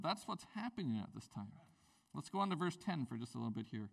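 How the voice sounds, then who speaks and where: A man preaching a sermon as a pastor, in a conversational, animated way with playful asides. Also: mid-range voice, fast, creaky, distant mic.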